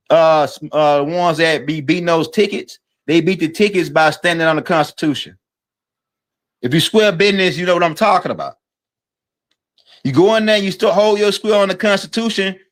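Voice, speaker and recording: A man's voice: fairly high pitch, fairly bright tone. A man hosting his own video channel, delivering a rambling, emphatic monologue and punctuating points with "right?". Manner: rambling, emphatic, repeats himself with frequent "right?". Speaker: video host. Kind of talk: casual monologue to camera.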